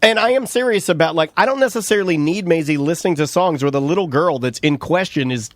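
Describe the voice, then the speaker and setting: Wry, defensive man, fairly high voice. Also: fast talker, no echo. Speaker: podcast co-host. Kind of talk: casual comedic chat.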